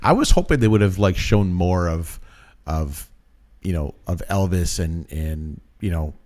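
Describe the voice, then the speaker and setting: Podcast host, man, deep voice, relaxed casual banter. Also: measured pace. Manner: laid-back, swears casually, says "dude" and "buddy". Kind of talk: casual chat.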